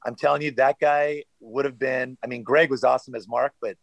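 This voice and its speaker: A man's voice: medium pitch, steady tone, fairly quick, gravelly, no echo, poor audio. A man chatting as a podcast guest, rambling and self-deprecating with lots of fillers. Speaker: guest actor. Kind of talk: casual podcast chat.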